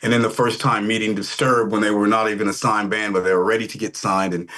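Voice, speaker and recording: A middle-aged man, a rock singer, chatting over a video call in a relaxed, rambling way with many fillers. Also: fairly low pitch, quick pace. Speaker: rock band lead vocalist. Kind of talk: casual interview chat.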